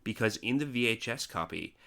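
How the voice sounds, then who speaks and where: A man's voice: mid-range voice, expressive, brisk, gravelly, bright, forceful tone. A man hosting a podcast, chatting casually about a film with dry, explanatory asides. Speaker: podcast host. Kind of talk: casual movie-review chat.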